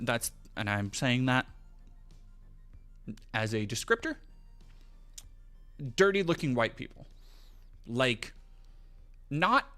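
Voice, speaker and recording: A young man on a livestream, telling a rambling, profane story in a casual, animated way. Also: a little high. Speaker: streamer.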